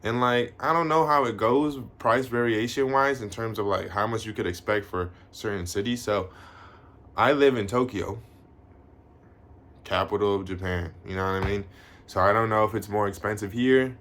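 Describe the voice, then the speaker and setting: Talking to camera at a normal speed, a young US-born vlogger in Tokyo uses a lowish, slightly bright voice. He keeps it casual and slangy for his viewers, cursing freely and dropping fillers such as "you know what I mean."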